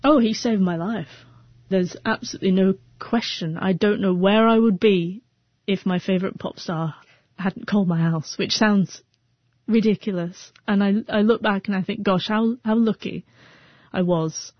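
A woman's voice: mid-range voice, normal speed, no room sound. Woman, 30s, interview guest with a stutter and frequent restarts; dry, slightly muffled recording. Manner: stutters, with repeated sounds and restarts. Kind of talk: personal storytelling interview.

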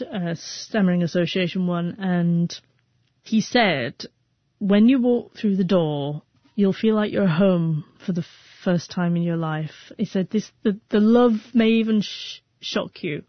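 A woman's voice: mid-range voice, unhurried, no room sound, lo-fi sound. A woman in her thirties who stutters, with frequent repeated sounds and restarts, telling her personal story as an interview guest.

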